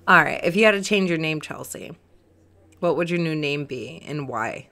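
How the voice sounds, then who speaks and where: A woman's voice: low voice, animated, moderate pace, a bit bright. A young adult woman co-hosting a casual podcast, reading chat comments with giggles and lots of ums and likes. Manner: giggly, rambling, many "um"s and "like"s.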